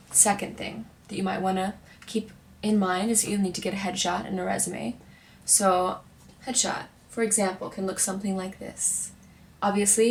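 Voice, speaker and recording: A woman's voice: medium pitch, vocal fry, slight background noise. A young woman, a working actor, giving chatty, encouraging advice straight to the viewer in a casual vlog. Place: apartment in New York.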